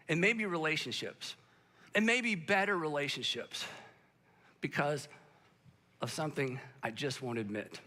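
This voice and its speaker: A man's voice: high voice, sharp tone. A middle-aged male pastor preaching a sermon, telling a story and joking with the congregation. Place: church auditorium. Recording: long reverb of a large church hall.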